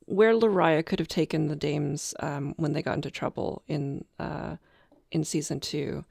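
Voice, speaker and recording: A Canadian woman, a game master, chatting casually with many ums and pauses. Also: low voice, gravelly, darkish tone, husky, no echo, clean studio sound. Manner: hesitant, many ums, laughs often. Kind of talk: casual podcast chat.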